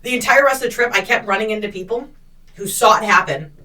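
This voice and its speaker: A woman with a bright, forceful voice tells a story in loose podcast chat, cursing often and jumping into the voices of the people in it. She sounds a little distant from the mic. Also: mid-range voice, quick pace. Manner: profane, animated storytelling with acted-out quotes. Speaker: podcast co-host.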